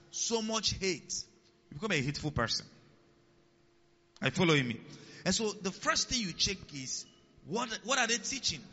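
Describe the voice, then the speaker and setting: A male pastor preaching a sermon, often asking the congregation if they follow and repeating key lines, swinging between loud emphasis and quiet asides. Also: sits high. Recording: long hall reverb, dull lo-fi sound.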